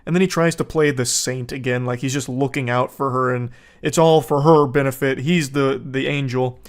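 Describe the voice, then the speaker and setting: A man commentating while reading text messages aloud, mocking them in a sarcastic, deadpan way. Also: medium pitch, normal speed.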